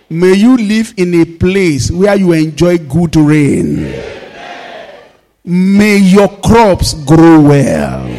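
A male pastor with a Nigerian Yoruba accent, leading a fervent prayer sermon in repeated commands and switching between English and Yoruba. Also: sits high. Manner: declaring prayers in repeated commands, now and then shouting.

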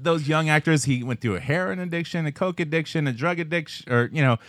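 A man's voice: a little high, fast talker, fairly bright tone, no room sound. A man co-hosting a casual podcast, swearing often and laughing at his own jokes. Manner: profane, jokey, laughs often. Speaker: podcast co-host. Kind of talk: casual crude chat.

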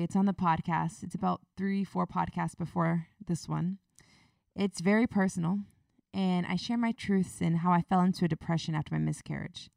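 A woman's voice: medium pitch, creaky, dry recording, clean studio sound, far from the mic. A woman hosting her podcast, talking earnestly and confidingly in a personal, motivational monologue. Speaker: podcast host.

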